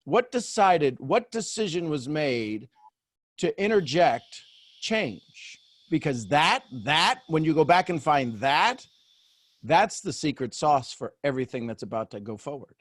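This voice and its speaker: A man's voice: fairly high pitch, very animated, unhurried, no echo, studio quality. A man hosting a coaching call, talking animatedly and acting out inner voices as he guides participants. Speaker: host and coach.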